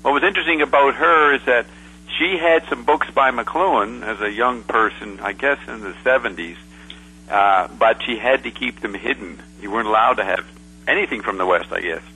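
A man hosting a relaxed conversation, prompting his guest and adding details. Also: medium pitch, normal speed, slightly rough, poor audio. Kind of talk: casual conversation.

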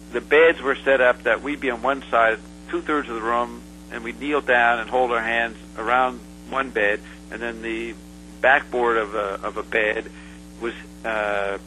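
Male guest, bright and forceful voice, rambling anecdote, lots of "uh", faint hum behind. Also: mid-range voice, poor audio. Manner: rambling, halting, full of "uh" fillers and restarts. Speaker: interview guest. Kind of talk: casual storytelling.

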